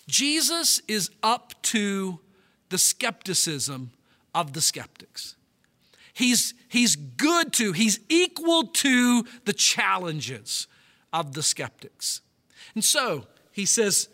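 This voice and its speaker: A male pastor preaching a sermon, emphatic, slowing down and stretching key words. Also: high voice, big pitch swings, sharp tone. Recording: long reverb of a large hall.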